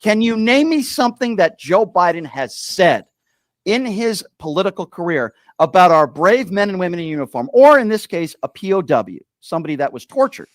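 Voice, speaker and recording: A fired-up man calls in to debate the host, his fairly high voice leaping up and down as he argues. He talks over the other side and drives each point home by repeating the host's name. The sound is dry, with no room around him. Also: big pitch swings, normal speed, no echo. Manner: combative, interrupting, keeps repeating the host's name. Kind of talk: heated call-in debate.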